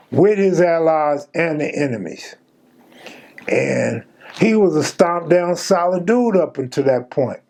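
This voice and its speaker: A man with a somewhat high-pitched voice tells a true story in a casual, unhurried way. His delivery is loose and slangy, full of street talk, like a channel host talking straight to his viewers. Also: darkish tone.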